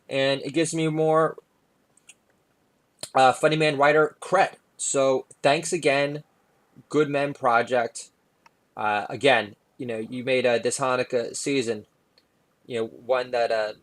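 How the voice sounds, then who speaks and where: A middle-aged man, a comedian hosting his own podcast, delivering a rambling, sardonic monologue full of "uh"s. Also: medium pitch. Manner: sardonic, filler-heavy delivery with frequent "uh".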